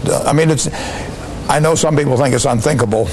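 An older man giving a measured interview answer, slow and halting, with frequent restarts, in a played archive clip. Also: mid-range voice, darkish tone, a little hiss or hum, rough recording.

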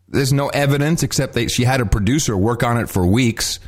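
A man's voice: mid-range voice, brisk. A man hosting a podcast, chatting casually and mocking a news story with sarcasm. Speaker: podcast host. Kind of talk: casual chat.

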